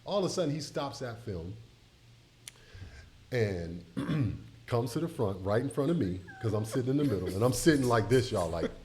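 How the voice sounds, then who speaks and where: A middle-aged man from Tampa Bay, telling an emotional story as a podcast guest, animated and speaking straight to his listeners. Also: medium pitch, moderate pace, a little hiss or hum. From Tampa Bay, Florida. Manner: animated, addresses listeners as y'all.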